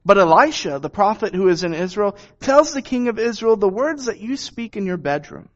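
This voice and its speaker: A man's voice: high voice, sing-song, normal speed. A man reading as a deferential royal servant. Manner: respectful, explaining. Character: male servant of a king, deferential. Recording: dull lo-fi recording.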